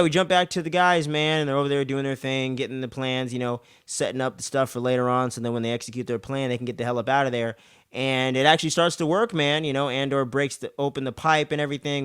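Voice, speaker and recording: Man, young adult, casual profane recap, filler-heavy, smooth voice, mid pitch. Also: a bit bright, no echo, studio quality. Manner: loose and profane, acts out characters' lines in exaggerated voices. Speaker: podcast host recapping an episode.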